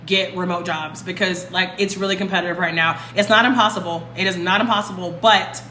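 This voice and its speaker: A young woman from North Carolina, hosting a casual livestream Q&A, loud and passionate and swearing freely. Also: fairly low pitch, steady tone, a little fast. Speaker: livestream host. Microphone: phone livestream. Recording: echoey room with loud background noise.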